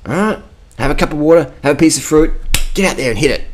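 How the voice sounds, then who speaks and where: A man's voice: on the high side, animated, fast talker. Australian man, cycling vlogger, casual commentary, brash, profane, emphatic. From Adelaide, South Australia. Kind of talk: casual commentary over video.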